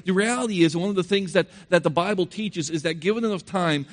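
A man preaches a sermon in a somewhat high voice, leaning on repetition for emphasis. He speaks straight to the congregation with rhetorical questions. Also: fast talker, few pauses. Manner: repeats phrases for emphasis.

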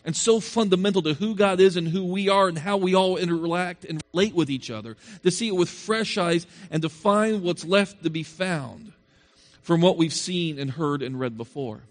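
Higher-voiced male preacher. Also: normal speed. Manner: addresses the congregation with rhetorical questions; repeats phrases for emphasis. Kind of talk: sermon.

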